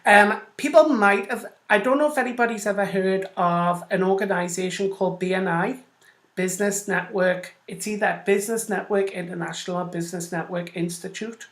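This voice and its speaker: A woman's voice: medium pitch, steady tone, moderate pace. A woman hosting an online radio show, chatting casually and addressing listeners directly as she explains business networking with made-up examples. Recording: roomy echo.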